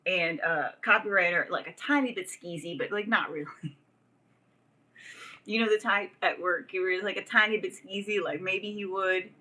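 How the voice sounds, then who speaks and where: Bright-voiced woman ranting on a livestream. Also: medium pitch, moderate pace, low-quality recording. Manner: profane, rambling, laughs often. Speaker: livestream host. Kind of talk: casual livestream rant.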